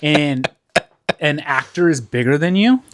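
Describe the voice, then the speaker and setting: A man's voice: on the high side, animated, measured pace, dry recording, clean studio sound. A man co-hosting a casual podcast, rambling and swearing freely as he chats and laughs. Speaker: podcast co-host. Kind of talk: casual chat.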